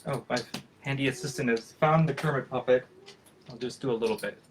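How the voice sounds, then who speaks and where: A man's voice: medium pitch, a little fast, a little hiss or hum. A man in his thirties, a professional puppeteer, answering questions in a casual live video chat and rambling with many fillers and restarts.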